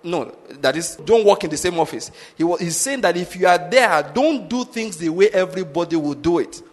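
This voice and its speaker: A man's voice: sits high, lively intonation, a little fast, long reverb tail, faint music behind. A man preaching a sermon as pastor, emphatic and repeatedly checking that listeners follow his point.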